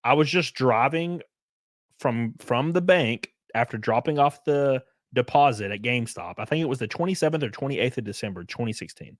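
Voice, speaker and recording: A man hosting a live stream, commenting casually with swearing and quick laughs. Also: medium pitch, expressive, no echo. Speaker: streamer host.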